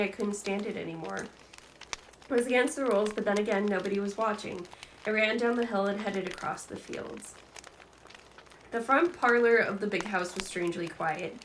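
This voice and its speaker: A woman host gently reading a novel aloud in an ASMR book reading. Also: medium pitch, slight background noise, poor audio. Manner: soft, gentle narration.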